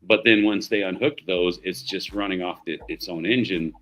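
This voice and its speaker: This middle-aged livestream host talks at a normal speed in a low-sitting voice with a fairly bright tone. He chats casually, telling meandering stories, swearing without restraint and laughing often.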